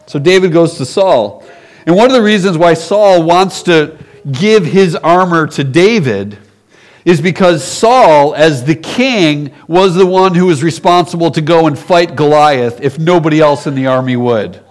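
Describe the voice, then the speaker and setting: A man's voice: fairly high pitch, unhurried. A man, a pastor, giving a casual storytelling sermon, often laughing and acting out the characters.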